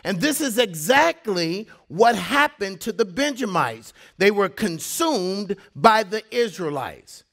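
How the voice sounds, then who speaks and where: A male pastor delivers an animated sermon, lowering his voice to a hush for emphasis and telling stories punctuated by laughing asides. His voice is high, his pace slow, and he pauses little.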